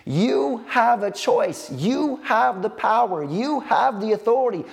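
A man preaching a sermon, earnest and slow, repeating phrases with emphatic pauses. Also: high voice, animated, gravelly. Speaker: pastor.

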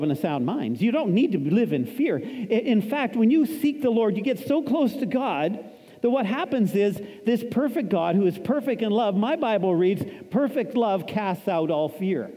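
High-voiced preaching man in his fifties. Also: mellow. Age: 50s. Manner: emphatic, repetitive preaching with scripture quotes. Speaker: pastor. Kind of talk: sermon. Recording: long hall reverb.

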